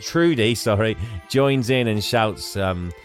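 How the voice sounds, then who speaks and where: A man's voice: lowish voice, takes it slowly, soft background music. A man co-hosting a casual podcast, retelling a film's story and acting out its lines with frequent laughs. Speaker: podcast co-host retelling a film. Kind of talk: casual chat.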